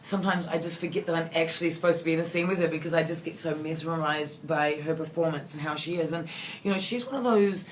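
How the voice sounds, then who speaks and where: A lower-voiced woman chats through fan questions, rambling and gushing with plenty of ums and restarts. A faint hum of noise sits under her voice. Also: fast talker. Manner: rambling, warm and effusive, many fillers and restarts. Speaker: actress answering fan questions. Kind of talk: casual Q&A.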